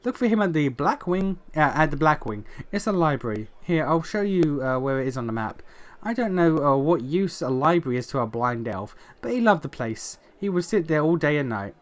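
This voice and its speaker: A man's voice: on the high side, very animated, brisk. A man reading as a weary dwarf knight. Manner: reading aloud with frequent uh fillers. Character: weary, guilt-ridden old male dwarf knight.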